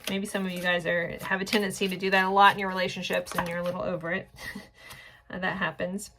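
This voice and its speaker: Low, gravelly-voiced woman reading tarot. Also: little pitch movement, quick pace, a bit bright, a little hiss or hum. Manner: rambling and chatty, with filler words and light laughs. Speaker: tarot reader. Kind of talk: casual pick-a-card tarot reading.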